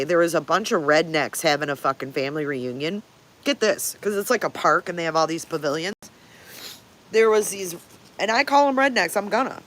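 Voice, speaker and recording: A woman's voice: lowish voice, a bit bright. An older woman hosts a casual livestream and answers her viewers one by one. She is blunt and swears freely, with frequent chuckles. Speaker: livestream host.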